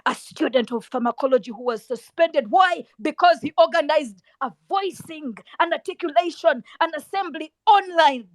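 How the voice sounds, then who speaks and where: A Ugandan woman activist giving an impassioned speech to students, emphatic and repeating words for force, swinging between hushed and loud delivery. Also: high-pitched, no room sound, rough recording.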